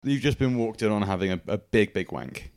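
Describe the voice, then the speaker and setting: Podcast cohost dude, dry teasing, voice goes up and down a lot. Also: male voice, on the low side, very animated, brisk, creaky, a little mellow, clear, resonant tone. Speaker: podcast co-host. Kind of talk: casual chat. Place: living room of a flat.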